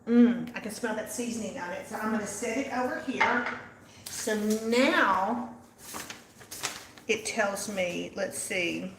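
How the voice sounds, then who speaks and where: Taking it slowly in a medium-pitched voice, an older Texas woman with a Southern drawl hosts a relaxed cooking livestream from her kitchen, chatting and answering comments. The recording sounds roomy against a noisy background.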